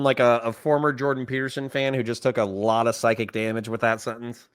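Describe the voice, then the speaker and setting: A male streamer talks to his live chat in a loose, conversational way and breaks into loud, exasperated groans now and then. His voice sits at an ordinary middle pitch. The sound is dry and close, with no room echo. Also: flat delivery, brisk, clear, resonant tone. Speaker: streamer reacting to a clip. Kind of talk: casual live-stream commentary.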